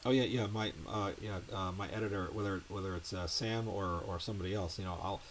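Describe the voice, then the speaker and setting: A man hosting a casual interview, speaking in a halting, hesitant way and relaying audience comments. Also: low voice, fairly even intonation, crowd noise. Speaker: interview host.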